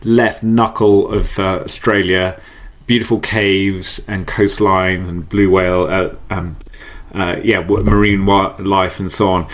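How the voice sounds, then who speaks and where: A man speaking as a podcast guest, explaining ideas in an animated way, often repeating words and laughing easily. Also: low-pitched, a little slow. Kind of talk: conversational podcast interview. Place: based in the UK.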